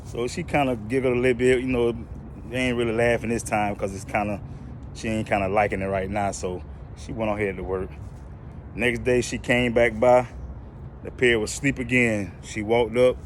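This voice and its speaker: A man casually telling a joke in a relaxed, colloquial way, recorded outdoors near traffic. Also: mid-range voice, moderate pace. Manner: relaxed, colloquial, lively delivery. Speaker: joke teller. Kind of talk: casual storytelling.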